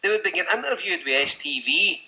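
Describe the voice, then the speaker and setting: A man's voice: high-pitched, expressive, fast, bright, forceful tone, low-quality recording. A Scottish man on a podcast, talking bluntly and with strong opinions in casual chat. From Scotland. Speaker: podcast host. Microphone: podcast mic.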